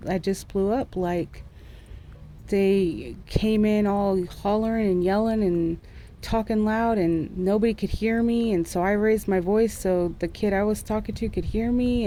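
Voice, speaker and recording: A woman's voice: mid-range voice, fairly even intonation, a little slow, warm tone, slight background noise. A young woman, a former school teacher, chatting candidly and at length about her frustrations in a casual art vlog. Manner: frank, rambling, frustrated venting. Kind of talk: candid casual chat over drawing. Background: faint background music.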